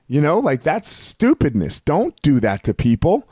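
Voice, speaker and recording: A man's voice: on the high side, huge pitch swings, normal speed, dark tone, breathy edge, no room sound, clean studio sound. A man in his forties, a podcast guest talking in a rambling, casual way, full of fillers and profanity.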